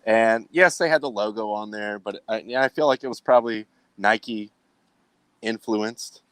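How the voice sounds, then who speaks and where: A man's voice: lowish voice, moderate pace, a bit bright, no echo. A man hosting a casual sports talk show, speaking in a rambling way with many fillers. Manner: rambling, filler-heavy delivery.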